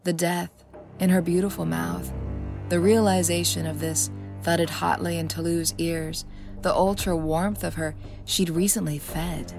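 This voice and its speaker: A woman narrating her own fantasy story in a measured, expressive way. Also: fairly low pitch, creaky, music in the background. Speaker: author and narrator.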